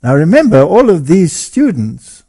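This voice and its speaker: A man telling a story in an interview as a lecturer, animated and often chuckling as he talks. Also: a little high, unhurried, slightly rough. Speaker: guest speaker and lecturer.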